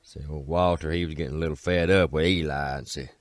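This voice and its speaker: A man with a very deep voice and an Appalachian accent tells an old mountain folk tale in a homespun, rambling way, starting lines with "said" and lifting his voice for the characters. The recording is close and dry. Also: steady tone, fast, few pauses, dry recording. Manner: folksy, repeats "said" often, voices characters. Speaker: storyteller.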